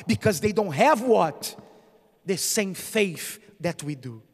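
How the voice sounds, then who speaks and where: A man's voice: high-pitched, animated, slow pace, slightly rough. A man preaching a sermon as a bishop, asking the congregation questions and answering them himself. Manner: preaching with call-and-response questions. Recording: church hall reverb.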